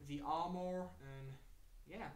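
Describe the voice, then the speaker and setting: A man's voice: on the high side, fairly even intonation, slow. A man with a French accent, a native French speaker, chatting casually with viewers on a live stream while he builds, rambling and hesitant. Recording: echoey room with faint noise.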